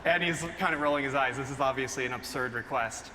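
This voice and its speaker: A man's voice: mid-range voice, fast talker, background noise. A man giving an emotional, earnest talk on stage before an audience, telling a story through a stage microphone.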